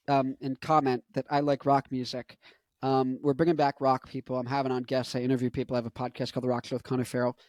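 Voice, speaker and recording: A man's voice: mid-range voice, darkish tone, no echo, studio quality. A man in his twenties giving casual, rambling commentary with goofy asides and self-promotion. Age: 20s. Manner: goofy, jumps between topics and bits. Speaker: vlogger and rock musician.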